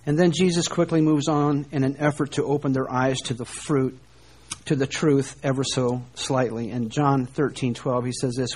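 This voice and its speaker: A man preaching a sermon, animated and emphatic, often posing rhetorical questions. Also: mid-range voice, moderate pace, slightly rough.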